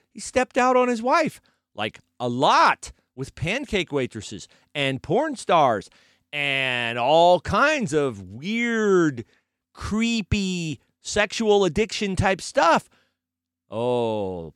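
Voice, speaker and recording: A man's voice: high voice, huge pitch swings, takes it slowly, a bit bright, no room sound, clean studio sound. A man hosting sports talk, arguing his point with rhetorical questions and sarcastic emphasis. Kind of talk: opinionated sports commentary.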